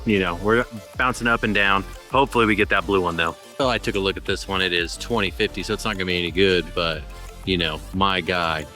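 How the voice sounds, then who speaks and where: A man with a low, sharp-toned voice hosts his gaming channel, offering upbeat, chatty play-by-play. It's casual gameplay commentary.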